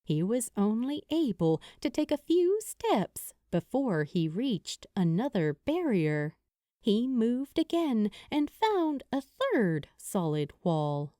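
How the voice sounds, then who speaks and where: A woman narrates a fantasy novel, unhurried and deliberate, her mellow voice rising and falling with the story. The sound is dry and close, with no room around it. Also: on the high side, no echo. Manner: measured, expressive storytelling. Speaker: audiobook narrator. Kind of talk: scripted narration.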